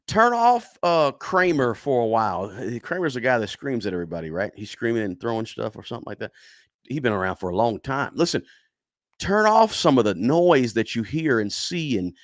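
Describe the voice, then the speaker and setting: On a casual livestream, a middle-aged man teaches investing while reading chat, repeating himself, stressing points, and tagging lines with "right?" He's chatty and encouraging toward viewers, his voice at an ordinary middle pitch. The sound is dry and close, without room echo.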